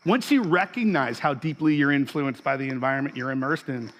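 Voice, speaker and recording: A man's voice: medium pitch, a little fast, a bit bright, dull audio. A man in his forties, a pastor, giving a sermon in a loose conversational way with many fillers and restarts.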